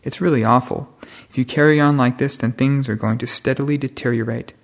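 Man, senior monk, stern scolding Dhamma talk, blunt delivery, average pitch. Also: steady tone, brisk, vocal fry. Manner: stern, scolding, plain-spoken. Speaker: senior monk teaching monks.

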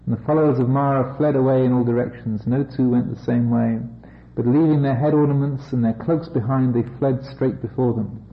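A man's voice: mid-range voice, steady tone, brisk, gravelly. Man reading scripture with wry asides. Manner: wry and amused, breaking off for jokes. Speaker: Buddhist teacher. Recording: echoey, slightly dull room recording.

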